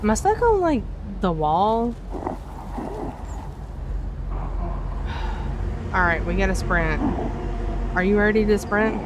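A woman's voice: mid-range voice, big pitch swings, takes it slowly, long pauses, background noise. A woman doing let's play commentary on a horror game, reacting aloud, talking to the characters and swearing when startled. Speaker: streamer playing a horror game.

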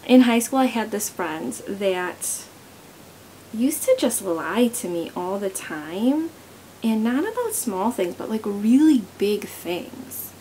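A woman's voice: medium pitch, expressive, slow, dark tone, a little hiss or hum, rough recording. A young woman chatting casually while doing a makeup tutorial, rambling into stories along the way, recorded close to the camera. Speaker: beauty vlogger.

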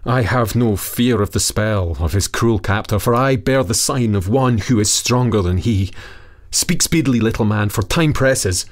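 A man's voice: lowish voice, moderate pace, natural voice. Bold young earl from a fairy tale, eager and pushy, a guy reading it out. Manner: eager, urgent. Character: brave, fearless young earl, eager and impatient.

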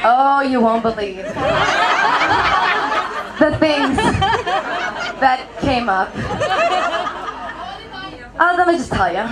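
High-voiced Mexican woman doing stand-up. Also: animated, takes it slowly, pauses often. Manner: chatty, self-mocking, laughs through her punchlines. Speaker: stand-up comedian. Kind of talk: stand-up comedy set. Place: comedy venue with a live audience. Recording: crowd noise from a live audience.

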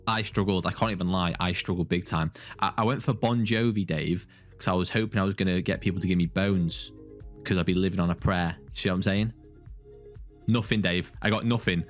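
A man's voice: deep voice, fairly even intonation, fairly quick, soft background music. A young man, hosting a gaming video in sweary, jokey banter. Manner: swears freely, jokey, talks to himself while drawing. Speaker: video host.

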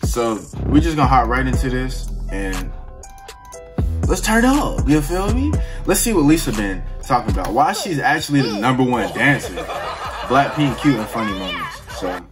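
Laid-back man chatting, lively pitch. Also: moderate pace. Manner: laid-back, chatty, laughs often, yawning. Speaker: reaction channel host. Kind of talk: casual reaction commentary. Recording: clear music behind the voice. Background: music playing from the reacted video.

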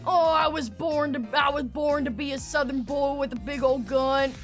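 A woman's voice: high-pitched, normal speed, music in the background, lightly acted. A woman putting on the voice of a brash young Southern country boy proud of his big gun, with a hollering, boastful drawl.

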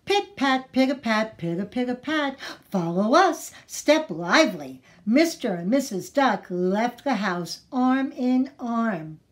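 A woman leading a children's storytime as librarian, singing and reading aloud in a gentle, encouraging way. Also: a little high, animated, takes it slowly. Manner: gentle, encouraging, sing-song.

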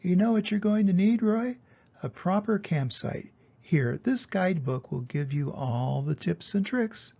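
An older man voicing a sly, chatty male gopher who steals clover, talking in a quick, wheedling, giggly way. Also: high voice, lively intonation, gravelly, warm tone, lo-fi sound, pitched above the performer's own voice, exaggerated voice. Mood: coaxing.

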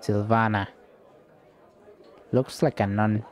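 A man's voice: fairly low pitch, steady tone, slow pace. A man hosting a let's play, commenting casually and jokingly as he plays, with some swearing.

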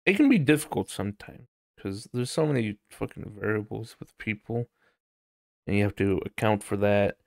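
Low-voiced guy rambling on his podcast, swears a lot, laughs at himself, dead dry sound. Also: expressive, normal speed, darkish tone, no echo. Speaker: podcast host. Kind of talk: casual solo podcast chat.

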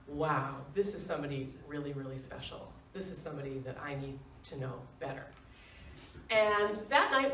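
A middle-aged woman telling a personal story on a stage, animated and laughing often as she acts out quoted voices. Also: on the low side, a little hiss or hum. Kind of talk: live storytelling. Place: stage in an arts center. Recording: roomy, distant live stage recording.

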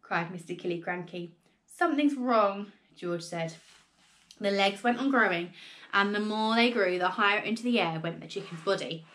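A woman teacher reading a children's book aloud with expressive storytelling. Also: on the low side, normal speed.

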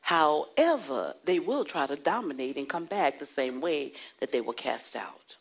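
A woman pastor preaching a sermon, animated and playful with the congregation. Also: sits low, measured pace, gravelly, husky. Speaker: pastor and prophetess.

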